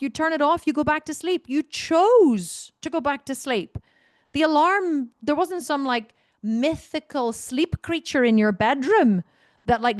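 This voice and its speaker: Blunt, animated woman coach. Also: on the high side, dry recording, studio quality. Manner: blunt, swears, animated, goes off on tangents. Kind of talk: Q&A talk to members.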